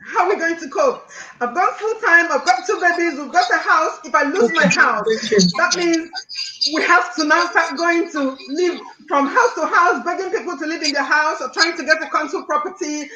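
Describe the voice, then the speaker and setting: A woman's voice: very high-pitched, moderate pace, reverberant, crowd noise, low-quality recording. A woman caller on a live call-in show, earnestly recounting a distressing personal dispute and sometimes near tears. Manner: distressed, earnest, repeats points insistently.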